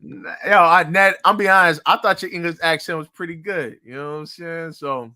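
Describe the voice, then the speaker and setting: A man's voice: a little high, steady tone, a little fast, pushed and bright. An American man co-hosting a boxing talk show, giving his candid opinion in a laid-back casual chat.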